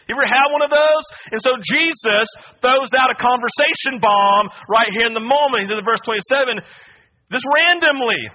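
A young man preaching a sermon, telling stories in a lively way and often asking "right?" to his listeners. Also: extremely high pitch, fairly quick. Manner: animated storytelling with asides like "right?". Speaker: pastor. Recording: dull lo-fi audio.

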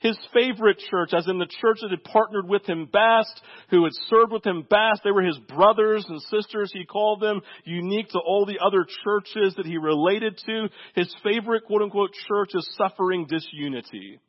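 Preaching in a conversational way, this pastor keeps asking his listeners "right?" as he goes. He has a high voice, speaks at normal speed with few pauses, and is heard through a muffled recording.

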